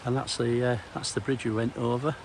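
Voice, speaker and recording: A man's voice: medium pitch, little pitch movement, brisk, gravelly, background noise. A middle-aged man and former police officer giving a casual, rambling walking tour outdoors, with dry humour. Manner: meandering, anecdotal, dry humour. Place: outdoors in a small town.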